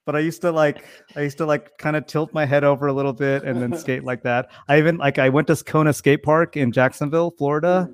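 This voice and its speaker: A man's voice: on the high side, steady tone, fast talker, clear, resonant tone, dry recording. A man in his forties from Tennessee, chatting on a podcast in a rambling, self-deprecating way full of fillers. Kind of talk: casual podcast chat.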